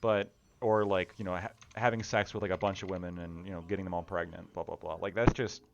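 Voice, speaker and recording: A blunt, foul-mouthed man hosts a live stream, talking between moves of his game. His voice sits low, and the audio comes through dull and lo-fi. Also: fairly even intonation, fast, gravelly, background noise. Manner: blunt, swears freely, talks while playing. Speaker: streamer host. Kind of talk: casual live-stream chat while gaming.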